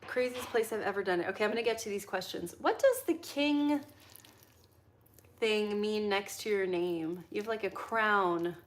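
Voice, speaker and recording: A chatty young woman talks casually on a livestream while she cooks at home. She answers viewers' questions between tasks in a mid-pitched voice. Faint background noise and small clicks sit under the recording. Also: moderate pace. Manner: chatty, laughing, reading chat questions. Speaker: livestream host. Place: home kitchen.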